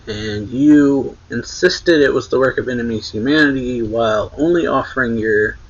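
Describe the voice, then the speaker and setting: A man's voice: moderate pace, husky, lo-fi sound. A man reading out the lines of a blunt, suspicious young man in his own voice. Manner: reading lines a bit higher.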